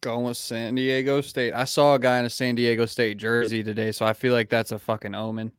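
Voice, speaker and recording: A young adult man's smooth, mid-range voice comes across a little fast as he hosts a podcast. He chats casually, telling profane stories and acting out quotes with animated flair, in a studio-quality recording without echo.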